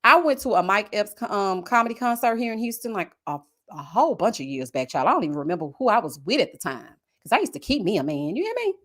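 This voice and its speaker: A woman gives casual live-stream commentary, gossipy and full of sass. Her pitch sits in a middle range but leaps around with animated, expressive swings. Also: quick pace, hardly any pauses. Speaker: YouTube reality-TV reviewer.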